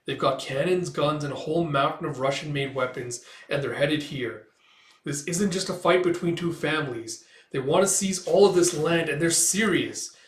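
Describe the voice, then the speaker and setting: A man's voice: on the high side, normal speed, lightly acted. A man voicing an anxious young man who pleads and warns urgently. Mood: earnest. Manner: pleading, insistent. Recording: roomy echo.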